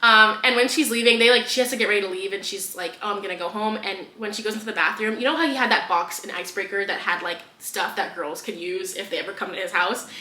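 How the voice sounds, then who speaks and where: Chatty young woman, bright echoey voice. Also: mid-range voice. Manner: chatty, retells scenes with quick quoted voices. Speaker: podcast co-host. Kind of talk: casual book review chat. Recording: echoey room.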